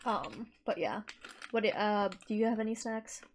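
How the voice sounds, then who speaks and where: A woman's voice: medium pitch, expressive, measured pace, slight background noise. A young adult woman co-hosting a podcast in casual chat, rambling with many restarts and a giggly manner. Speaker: podcast co-host.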